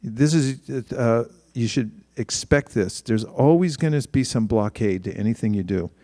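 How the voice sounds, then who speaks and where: A man's voice: medium pitch, normal speed, dark tone, no room sound, clean studio sound. A man giving a spiritual talk in a conversational way, often restarting his sentences and livening up for quoted asides.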